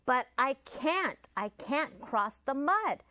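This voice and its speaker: A woman voicing a timid little frog in a picture book read aloud, in a soft, plaintive storybook voice. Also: high-pitched, sing-song, slow pace, dry recording, pitched above the performer's own voice, exaggerated voice. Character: small tearful frog, timid.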